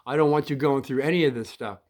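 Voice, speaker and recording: A man's voice: mid-range voice, fast talker, darkish tone, natural voice. Stern old grandfather barber, voiced by an older male storyteller, blunt and terse. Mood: curt. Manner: curt, blunt, matter-of-fact.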